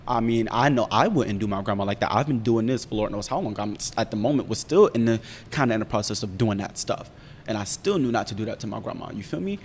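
A young man in casual chat, candidly telling a story, profane and animated as he talks. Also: quick pace. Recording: roomy reverb with faint rumble.

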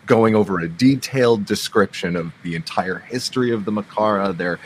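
A man's voice: on the low side, brisk, a little hiss or hum, rough recording. A man playing a tabletop game, casually describing what his character does. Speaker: player.

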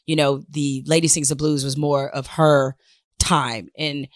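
A woman in her forties hosting a casual interview, expressive and blunt, laughing often. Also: sits low, unhurried, no echo, studio quality. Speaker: podcast host.

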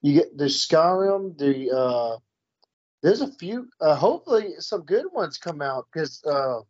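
High-voiced hesitant man, muffled dry. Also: big pitch swings, a little slow, darkish tone, no echo. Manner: hesitant, many fillers and restarts. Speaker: friend in conversation. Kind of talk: casual chat.

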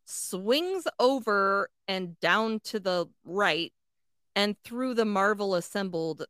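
A woman's voice: mid-range voice, expressive, takes it slowly, a bit bright, clean tone, no echo, clean studio sound. A woman co-hosting a podcast, recapping scenes in blunt, profane, incredulous casual chat. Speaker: podcast co-host.

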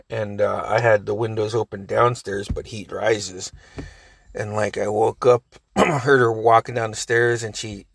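A man's voice: on the low side, gravelly, no room sound. A man in his forties casually telling a family story, rambling, cursing and laughing often.

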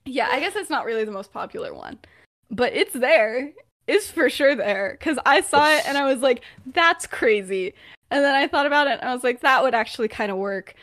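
Young woman, podcast co-host, casual storytelling, fairly high voice, chatty, laughs a lot. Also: lively intonation, brisk, a bit bright. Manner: chatty, laughs often, many fillers. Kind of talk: casual fan-fiction storytelling.

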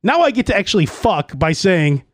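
Animated high-voiced man telling stories. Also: normal speed, dry recording, clean studio sound. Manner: animated, profane, playfully indignant storyteller. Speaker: podcast host. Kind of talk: solo comedic storytelling podcast.

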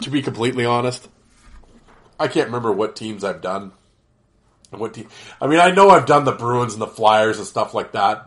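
A podcast host talks alone in a casual show, rambling with lots of fillers and restarts. His mid-range, fairly bright voice sounds nasal and stuffed up from allergies.

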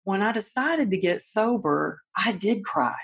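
A woman's voice: mid-range voice, lively intonation, unhurried, creaky, slightly rough. A middle-aged woman hosting a conversation, openly sharing personal struggles in a confessional way. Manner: open, confessional storytelling. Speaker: podcast host.

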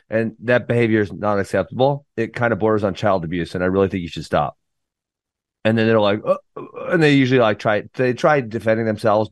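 A man's voice: fairly low pitch, no room sound. A man co-hosting a podcast, a wrestling coach, speaking casually and bluntly about things that annoy him. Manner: blunt, opinionated rant. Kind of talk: casual chat.

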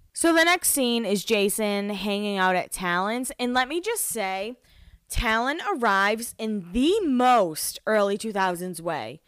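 Chatty young woman with a smooth voice. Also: mid-range voice, animated, measured pace, fairly bright tone, dry recording, studio quality. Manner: chatty, giggly, lots of "like" fillers. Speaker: podcast host recapping a reality show. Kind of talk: casual chat.

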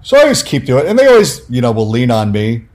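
A man's voice: medium pitch, fast talker. A man, a sports writer, telling stories casually in an interview, full of fillers and acted-out quotes. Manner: animated, many fillers, acts out quoted dialogue.

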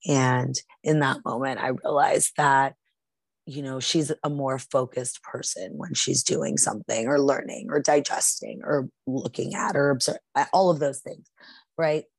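Middle-aged woman, podcast co-host, deep voice, earnest casual storytelling, dry close sound. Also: steady tone, unhurried, vocal fry, no echo. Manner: earnest, with frequent restarts and filler.

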